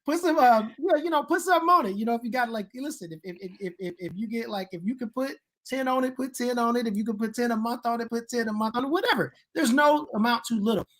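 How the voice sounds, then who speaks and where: A co-host on a video call who talks in an animated, joking, colloquial way. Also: medium pitch, fast talker, few pauses. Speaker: co-host, ministry worker. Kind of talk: casual online talk show.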